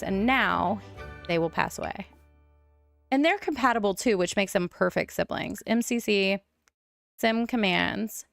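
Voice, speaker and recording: A woman streamer talks her way through a life-sim game in a loose, excitable, thinking-aloud manner. Her voice is smooth and resonant with a gravelly fry underneath. The sound is dry and close. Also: medium pitch, no room sound. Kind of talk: casual gameplay commentary.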